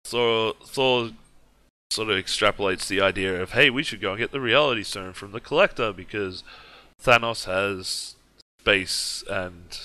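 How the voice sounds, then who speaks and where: A man's voice: on the low side, a little slow, pushed and bright, clear, resonant tone, dry recording. A man co-hosting a podcast, casually recapping a film scene by scene with frequent restarts. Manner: recaps plot at length with frequent restarts and laughs. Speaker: podcast co-host. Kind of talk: casual movie recap chat.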